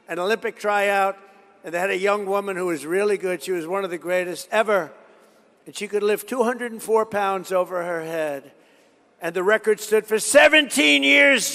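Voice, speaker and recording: A man's voice: high-pitched, gravelly, pushed and bright. A man giving a rambling, boastful political rally speech, repeating himself and drifting into stories. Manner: boastful, repetitive, digressive storytelling. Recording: reverberant hall.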